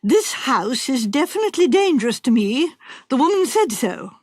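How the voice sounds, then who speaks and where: A woman's voice: high-pitched, sing-song, normal speed, no room sound, clean studio sound. A woman reader voicing a fretful, self-pitying invalid wife in a storybook reading, plaintive and dramatic. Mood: aggrieved.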